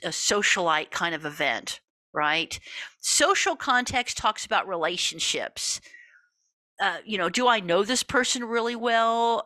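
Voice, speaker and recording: A woman teaching a college communication class in a lively, talkative lecture style, often checking in with "right?". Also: medium pitch, no echo. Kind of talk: recorded lecture.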